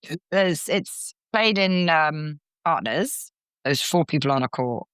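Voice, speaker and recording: A woman comedian and actor chatting as a guest in an interview, lively and quick to slip into character voices. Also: sits low, clear, resonant tone, no room sound. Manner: animated, slips into character voices. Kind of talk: casual interview chat.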